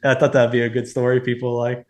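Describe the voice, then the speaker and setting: A man in his thirties, a former hockey player, telling stories in a relaxed, rambling way, full of filler words. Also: mid-range voice, fast talker. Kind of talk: casual storytelling.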